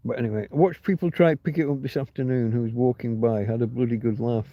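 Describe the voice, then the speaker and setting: A man's voice: mid-range voice, steady tone, quick pace, lo-fi sound. A man hosting a casual livestream, rambling and swearing freely as he answers chat comments. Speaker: livestream host.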